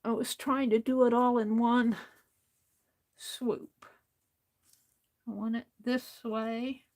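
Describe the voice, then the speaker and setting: A tired woman hosting a late-night crafting livestream, talking softly to herself as she works. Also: fairly high pitch, flat delivery, takes it slowly. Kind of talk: casual talk while crafting live.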